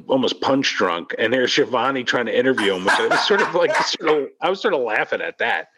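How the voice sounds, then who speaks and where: A man's voice: mid-range voice, lively intonation, a little fast, hardly any pauses, a bit bright, breathy edge. A man co-hosting a casual wrestling podcast, rambling and filling his sentences with "like" and "um". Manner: rambling, filler-heavy, restarts sentences. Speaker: podcast co-host. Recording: dull lo-fi sound.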